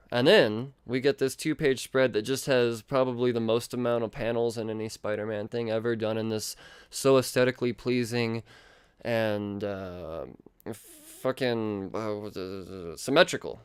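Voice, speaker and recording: A man rambles excitedly through a comic book review, swearing freely as he goes. His voice is smooth and resonant, and the close mic leaves it dry, with no room sound at all. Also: medium pitch, measured pace, dry recording. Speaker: podcast host.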